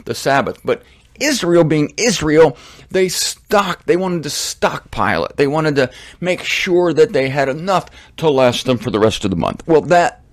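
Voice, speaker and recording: Older male Bible teacher, slightly high-pitched, conversational and rambling with humorous tangents. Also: big pitch swings, unhurried. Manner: chatty, digressive, jokey asides.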